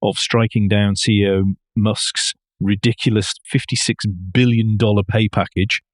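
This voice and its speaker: A man's voice: lowish voice, flat delivery, normal speed, no echo. A man co-hosting a podcast, chatting about car news with dry, wry remarks. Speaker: podcast co-host.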